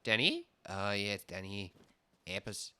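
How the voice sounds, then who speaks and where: Young male streamer, bright tone, loose rambling chat over gameplay. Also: lowish voice, very animated, a little slow, clear, resonant tone. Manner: rambling, self-interrupting, laughs often.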